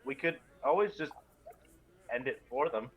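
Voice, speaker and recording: A man's voice: mid-range voice, lively intonation, normal speed, slightly rough. A man playing in a tabletop game, speaking in a laid-back, offhand way. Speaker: player. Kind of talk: casual tabletop game chat.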